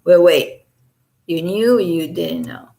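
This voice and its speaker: A woman's voice: fairly low pitch, slow, gravelly, dark tone. A woman at home reading a court filing aloud and breaking off into sarcastic, incredulous commentary, sometimes dropping to a whisper. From Los Angeles resident. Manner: sarcastic, incredulous asides, occasional whispered remarks.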